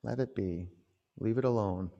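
A male yoga teacher with a low, gravelly voice calls out poses and drifts into relaxed, rambling stories. His talk has a loose, easy flow. The sound rings out with long reverb, as if in a large hall. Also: moderate pace, lo-fi sound. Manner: relaxed, rambling storytelling between pose cues. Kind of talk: guiding a yoga class with chatty asides.

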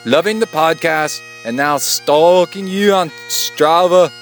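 A man doing a loud, exaggerated put-on Scottish accent, playing a cheerful male Scottish triathlete in a comic reading of a listener's email. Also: fairly high pitch, slow, faint music behind, pitched above the performer's own voice. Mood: hammy cheerful.

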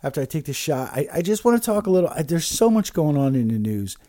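A man's voice: fairly high pitch, big pitch swings, quick pace, mellow, dry recording, clean studio sound. A man hosting a podcast alone, rambling and swearing with many fillers and restarts while taking shots of liquor. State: drinking shots while talking. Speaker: podcast host. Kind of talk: casual rambling monologue.

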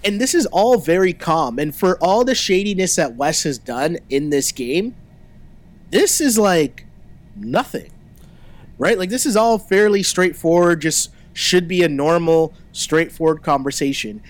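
Guy on a podcast running through a tv episode, slightly higher voice, quoting what everyone said. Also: lively intonation. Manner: retells scenes in quick bursts, quoting people. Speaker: podcast co-host. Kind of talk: casual recap chat.

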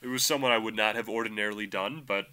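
A man co-hosting a podcast, chatting casually with dark wisecracks and frequent laughter. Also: on the low side, quick pace. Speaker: podcast co-host. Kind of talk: casual chat.

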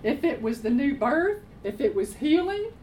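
A woman's voice: high voice, big pitch swings, moderate pace, warm tone, a little hiss or hum, poor audio. A woman preaching a sermon, emphatic, repeating her phrases and answering her own questions.

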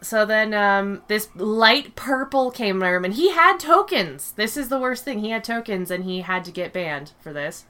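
Young woman host, casual chat, swears a lot, bright tone, animated pitch. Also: moderate pace, hardly any pauses. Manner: brash, swears freely, laughs easily. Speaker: show host.

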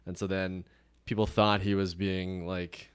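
A podcast co-host with a low, fairly flat, smooth voice speaks a little slowly in casual sports chat. He swears freely and rants, acting out mock conversations.

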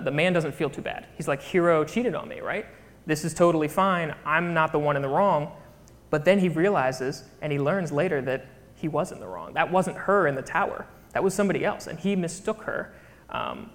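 A man preaching a sermon, telling the story in a conversational, animated way and prompting the congregation to join in. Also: on the high side. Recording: reverberant hall.

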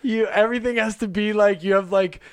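A man's voice: sits high, fairly even intonation, a little fast, noisy background. A man chatting casually on a podcast, rambling with lots of fillers and the odd swear. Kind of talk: casual chat.

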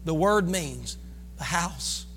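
A man preaching a fervent sermon, calling on his congregation to respond and breaking into shouts. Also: on the high side, expressive, slow, in a large hall, over music. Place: church sanctuary.

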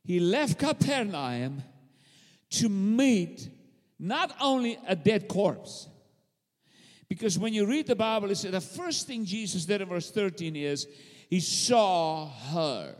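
A man's voice: high-pitched, sing-song, slow pace. A man preaching a fervent sermon in a church, calling on the congregation to answer back. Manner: fervent, repetitive preaching with call-and-response to the congregation. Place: church sanctuary. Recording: long hall reverb.

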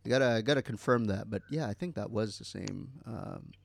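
Gravelly low-voiced podcast co-host. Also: male voice, brisk. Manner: reads from a list, light joking. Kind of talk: casual chat.

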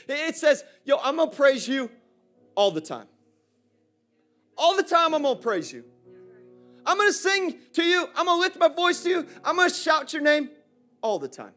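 Male preacher, high voice, punchy and bright, casual slang, rallies the congregation in church. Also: big pitch swings, moderate pace, pauses often, soft background music. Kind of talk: energetic sermon.

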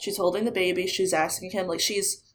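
Animated woman retelling a story. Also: lowish voice, fairly quick. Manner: animated retelling with acted quotes. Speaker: podcast co-host retelling a ghost show. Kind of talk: casual storytelling chat.

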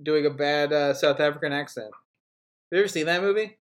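A man's voice: a little high, a little fast. A man co-hosting a podcast in casual banter, joking and swearing freely. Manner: joking, profane, slips into silly impressions. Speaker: podcast co-host.

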